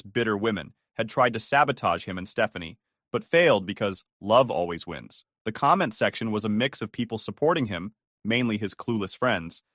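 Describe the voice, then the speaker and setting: A man's voice: on the low side, fairly bright tone, dry recording, clean studio sound. A man narrating a first-person revenge story in a dramatic, gossipy way.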